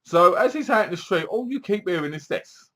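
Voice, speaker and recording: A man giving a casual, animated movie review, acting out lines from the film as he goes. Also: high voice, fairly quick.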